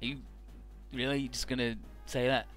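A man's voice: medium pitch, flat delivery, moderate pace, a bit bright, faint music behind, lightly acted. A man voicing an irritated, androgynous young male technician in a game recap, speaking curtly.

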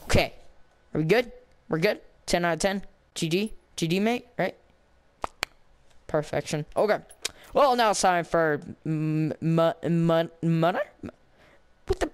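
A man's voice: a little high, animated, a little slow, pauses often. A man giving casual, sarcastic let's-play commentary while grumbling at the game. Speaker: gameplay commentator. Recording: clear background noise with game car sounds.

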